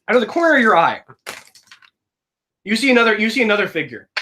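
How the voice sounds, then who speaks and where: Bright, animated male game master. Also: a little high, a little hiss or hum. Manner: rambling, self-correcting, playful. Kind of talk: narrating a tabletop game.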